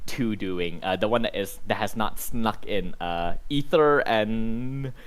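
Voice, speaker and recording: A man's voice: fairly low pitch, slow pace, smooth. A man running a tabletop game as game master, narrating loosely with lots of fillers.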